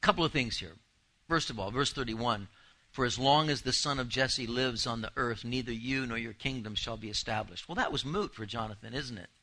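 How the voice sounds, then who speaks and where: A man's voice: medium pitch, fairly quick, pushed and bright, poor audio. A man preaching an expository sermon to a congregation, talking animatedly and often repeating words as he thinks aloud. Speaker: pastor.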